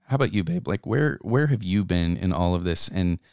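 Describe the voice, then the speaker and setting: A man's voice: low-pitched, expressive, brisk, darkish tone, clear, resonant tone, dry recording, clean studio sound. A young man in an earnest, conversational devotional talk, reading scripture aloud and then reflecting on it. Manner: earnest, conversational, with many restarts and asides. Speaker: co-host reading and discussing scripture.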